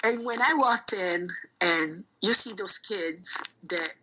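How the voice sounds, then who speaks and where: Energetic, bright-voiced woman telling stories. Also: mid-range voice, takes it slowly, a little hiss or hum, low-quality recording. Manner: energetic and loud, animated retelling. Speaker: guest, middle school art teacher. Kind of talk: casual conversational storytelling.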